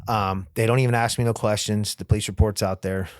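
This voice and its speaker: A man's voice: on the low side, fairly even intonation, quick pace, no echo, studio quality. A man as a podcast guest, telling a story in casual, profane talk and acting out what others said. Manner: profane, vivid storyteller acting out quoted dialogue.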